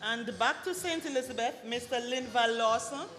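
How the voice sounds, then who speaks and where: A woman with a high voice emcees an awards dinner, calling names and joking with the crowd. Her voice booms through a PA into a banquet hall with long reverb, and loud music plays behind her. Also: normal speed. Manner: lively, joking, apologizes for slips. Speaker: awards ceremony host. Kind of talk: announcing award recipients.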